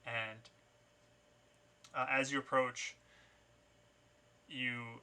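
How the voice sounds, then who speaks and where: A man's voice: medium pitch, little pitch movement, very slow, pushed and bright, smooth. A man narrating a tabletop game as game master, describing scenes with many small restarts. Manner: descriptive, with frequent fillers and restarts.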